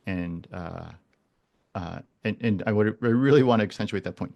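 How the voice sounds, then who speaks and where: A man's voice: lowish voice, normal speed, gravelly, darkish tone. A man in his forties, a podcast guest talking casually and earnestly, often restarting and repeating words. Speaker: guest, animal communicator.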